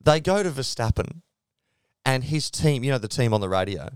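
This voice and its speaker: A man co-hosting a casual sports podcast, telling stories with lively mimicry of team radio. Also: mid-range voice, moderate pace, clean tone, no echo, clean studio sound. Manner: animated storytelling, mimics radio chatter. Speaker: podcast co-host.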